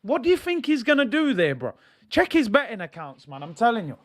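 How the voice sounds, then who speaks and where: A young man giving excitable, slang-heavy live commentary as he watches a football match, now and then bursting into shouts. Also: extremely high pitch, brisk. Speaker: football fan streamer.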